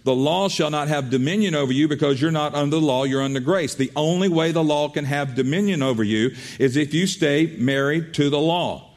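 A man's voice: fairly high pitch, fairly quick, few pauses. A man preaching a sermon as pastor, earnest, often repeating and restarting his words.

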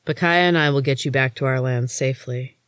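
A man reading a storybook, voicing an urgent, protective grown woman guardian in an earnest, quickened tone. The voice stays close to his own. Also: mid-range voice, a bit bright, smooth, no room sound, lightly acted.

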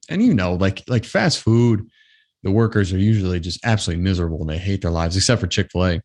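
Rambling podcast host man, low-ish voice. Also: expressive, quick pace, darkish tone. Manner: rambling, loose, filler-heavy talk. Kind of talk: casual solo podcast chat.

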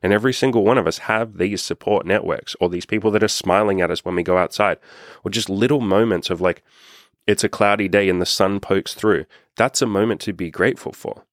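A young man coaching with earnest, emphatic energy and the odd casual swear. His voice sits very low, and the sound is dry and close with no room around it. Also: fairly quick, dry recording. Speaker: self-improvement coach. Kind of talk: casual motivational monologue.

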